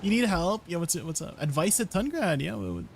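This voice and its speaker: A man's voice: sits high, big pitch swings, a little fast, vocal fry, soft background music. A young man chatting casually with his viewers on a live stream, laughing often between questions. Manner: giggly, chatting with viewers while gaming. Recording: faint background noise.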